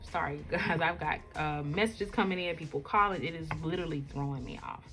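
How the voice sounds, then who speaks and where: A woman's voice: low-pitched, fairly quick, over music. Chatty woman reading her own comic. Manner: chatty, many fillers. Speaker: webcomic creator. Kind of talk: casual comic read-aloud.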